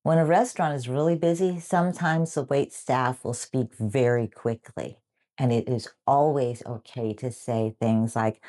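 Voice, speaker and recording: A woman teaching English in a clear, slow lesson delivery, acting out example phrases. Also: a bass voice, a little mellow.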